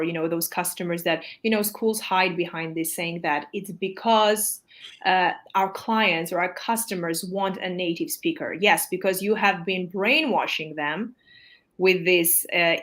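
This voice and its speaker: A woman guest speaks in a middle-pitched, everyday voice. She works her ideas out hesitantly and thoughtfully, often restarting her sentences. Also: a bit bright. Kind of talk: live discussion.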